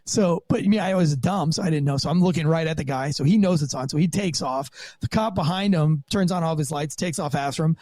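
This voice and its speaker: A man recounts a chaotic night on patrol in an animated, profane storytelling voice. His pitch sits high, but his tone is dark and mellow. The recording is close and dry. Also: fairly quick, dry recording. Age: young adult. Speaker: podcast guest, former police officer. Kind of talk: casual storytelling interview.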